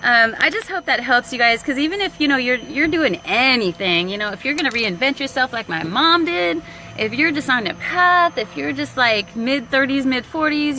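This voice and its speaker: A woman talking casually to viewers on a live stream, animated and slangy, acting out what people said and laughing often. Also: high voice, normal speed, low-quality recording. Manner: animated, slangy, laughs a lot, acts out quotes. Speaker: online business vlogger.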